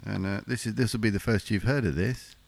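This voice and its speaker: A male podcast host with a low, gravelly voice, chatting casually and playfully. He hesitates with little fillers and laughs between lines. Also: fairly quick. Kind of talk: casual comic chat.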